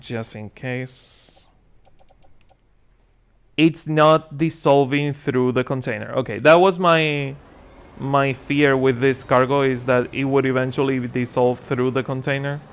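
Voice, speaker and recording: A man's voice: mid-range voice, measured pace, clear, resonant tone. A man giving casual gameplay commentary as a streamer, chatting and muttering asides to himself with dry sarcasm. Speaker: gaming streamer.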